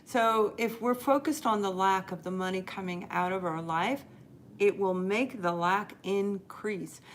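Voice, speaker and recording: A woman's voice: mid-range voice, measured pace, a little hiss or hum. A middle-aged woman giving a live tarot reading as host, talking earnestly and encouragingly straight to her viewers and stretching out the words she stresses.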